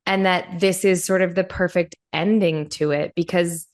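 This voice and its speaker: Candid lower-voiced woman podcast host. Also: steady tone, moderate pace. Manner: candid, rambling, says "like" often. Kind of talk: casual chat.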